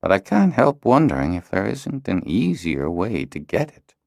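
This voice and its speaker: A man reading an audiobook, voicing a cautious male healer who speaks in a measured, hesitant way. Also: sits low, huge pitch swings, creaky, darkish tone, no room sound, clean studio sound, voice pushed up, heavily acted. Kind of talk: audiobook character voice.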